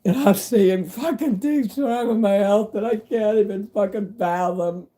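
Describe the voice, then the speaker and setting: Man in his fifties, live streamer. Hoarse, stuffy-nosed, mellow voice, rambling and candid. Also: high voice, unhurried. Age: 50s. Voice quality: stuffy nose. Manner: rambling, candid, talks straight to viewers. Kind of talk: casual live-stream chat with viewers.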